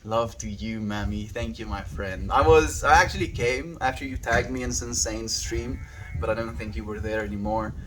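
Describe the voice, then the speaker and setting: A man's voice: on the low side, moderate pace, slight background noise, low-quality recording. Giggly, playful male livestreamer. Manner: playful and giggly, often laughing; earnest and gentle when reflecting. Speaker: livestreamer reading viewer chat. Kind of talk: casual livestream chat.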